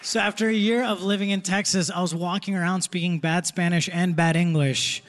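A young man in his twenties performing a live stand-up set, with quick conversational punchlines. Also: high voice, steady tone. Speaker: stand-up comedian. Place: theater stage with live audience. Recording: live audience laughter, faint crowd noise.

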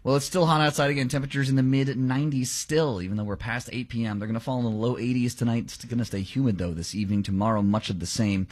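A man reading the local news and weather on the radio in a brisk, clipped delivery. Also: mid-range voice, fairly even intonation. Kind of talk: news read on air.

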